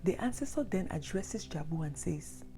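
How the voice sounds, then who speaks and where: A woman's voice: lowish voice, expressive, normal speed, warm tone, husky. A woman narrating a true story with dramatic, repetitive emphasis. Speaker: storyteller host.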